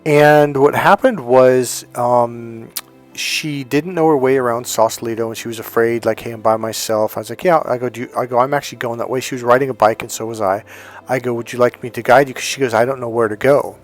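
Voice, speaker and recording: A man's voice: mid-range voice, fairly even intonation, fairly quick, faint music behind. A man coaching on dating, telling a long story in a casual, rambling way, acting out the dialogue and swearing when he gets worked up. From United States.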